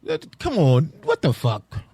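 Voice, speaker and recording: A man's voice: a little high, wildly swooping pitch, measured pace, gravelly, dark tone, husky, no room sound. A man hosting a solo podcast, ranting casually in profane street slang with loose, rambling restarts. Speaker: podcast host.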